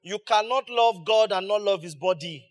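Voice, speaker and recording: High-voiced preaching pastor, man. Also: normal speed. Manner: preaching with rising emphasis, rhetorical questions, acted quotes. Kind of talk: sermon.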